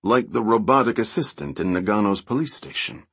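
A man's voice: fairly low pitch, brisk, creaky, fairly bright tone, slightly rough, dry recording, heavily acted. A man voicing a wry, joking male sidekick in an audiobook reading. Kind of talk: audiobook character voice.

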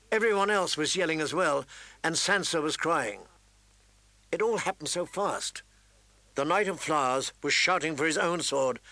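A man reading a story aloud as narrator, with dramatic emphasis and raised voice for shouted lines. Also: fairly high pitch, no echo. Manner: reads with dramatic emphasis, raising voice for shouted quotes. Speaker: audiobook narrator. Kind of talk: scripted narration.

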